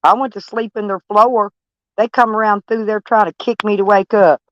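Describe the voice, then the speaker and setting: A woman's voice: medium pitch, fairly even intonation, normal speed, lo-fi sound, a little hiss or hum. Blunt woman swearing on a livestream. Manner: blunt, swears freely, calls people honey. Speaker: livestream host. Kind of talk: casual livestream chat with viewers.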